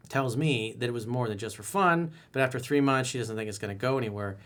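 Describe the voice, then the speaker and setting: A man's voice: mid-range voice, animated, a little fast, few pauses, fairly bright tone. A man coaching on dating, reading a viewer's email and replying bluntly and candidly with casual swearing.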